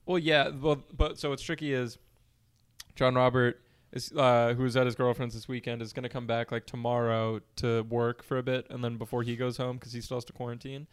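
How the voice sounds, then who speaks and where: A man's voice: medium pitch, flat delivery, fairly quick, smooth. A congested man, co-hosting a casual podcast and rambling anxiously. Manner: rambling, anxious, self-deprecating. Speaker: podcast co-host. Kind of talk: casual chat. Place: room at home.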